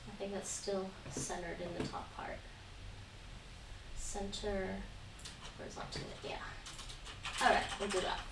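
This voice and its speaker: On a live stream, a woman teaches taekwondo for a home exercise lesson, patiently repeating instructions and counting reps aloud. Her mid-range voice stays fairly flat in pitch, and she speaks a little slowly with long pauses. The recording has a roomy echo, a distant mic, and faint noise.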